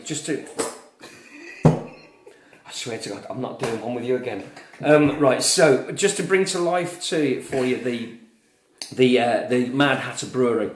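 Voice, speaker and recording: A man's voice: medium pitch, a little hiss or hum. A man hosting a live beer review in casual chat, telling stories with chatty, exasperated banter. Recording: roomy echo.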